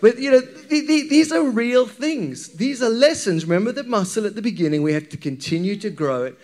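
Man, pastor, sermon, conversational and candid, checks in with listeners, a bit high-pitched. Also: expressive, fairly quick, darkish tone.

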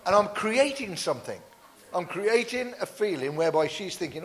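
A man preaching a sermon in a church, lively and jokey, with playful asides to the congregation. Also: high-pitched, brisk, big-room sound. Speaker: pastor.

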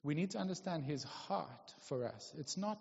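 A man's voice: a little high, animated, moderate pace, creaky, darkish tone. A man preaching a sermon in a conversational way, often checking in with his listeners. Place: church hall. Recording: lo-fi, echoey hall.

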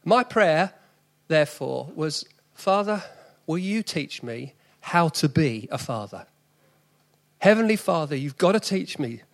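A man in his forties with a South East London accent delivers a sermon in an earnest, conversational style that builds into emphatic lists. His fairly high voice is expressive, and his pace is a little slow.

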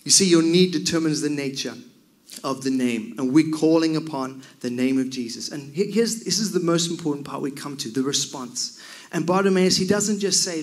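A man preaching a sermon, swinging from loud cries down to near whispers. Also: a little high, normal speed.

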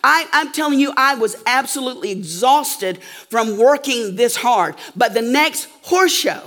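A woman's voice: on the high side, animated, unhurried, fairly bright tone. A woman preacher telling a story in a sermon to a live audience, emphatic and checking in with her listeners often.

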